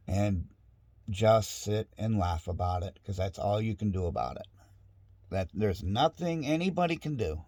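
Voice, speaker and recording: A man's voice: lowish voice, animated, unhurried, darkish tone, no room sound. A middle-aged man in a casual, rambling monologue at home, frustrated and restarting often. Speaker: vlogger. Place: home with dogs nearby.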